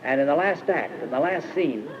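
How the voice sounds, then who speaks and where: An older man from Iowa gives an informal storytelling sermon at a Christian retreat camp, halting often with uh and restarting his phrases. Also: a little high, lively intonation, slight background noise. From Iowa, USA. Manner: rambling, halting, with many uh-hesitations and restarts. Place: camp meeting hall. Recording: dull 1950s archive recording.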